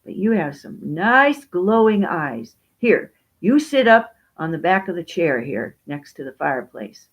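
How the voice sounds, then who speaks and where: A woman's voice: fairly low pitch, big pitch swings, measured pace, few pauses, muffled recording. A woman voicing a proud, self-assured male peacock in a storybook tale. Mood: confident.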